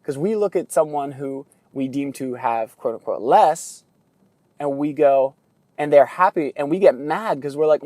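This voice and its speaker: A man's voice: a little high, a little slow, no echo. A podcast host retelling stories in a casual monologue and acting out the people he quotes. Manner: animated retelling, acts out quoted voices, laughs at himself. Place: in a vehicle during a commute.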